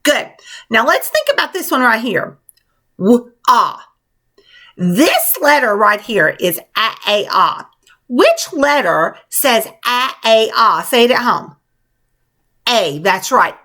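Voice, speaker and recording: In a spelling lesson for small children, a woman teacher spells each word out one letter at a time, slow, clear, and encouraging. Her voice is a little high and bright, with a forceful tone.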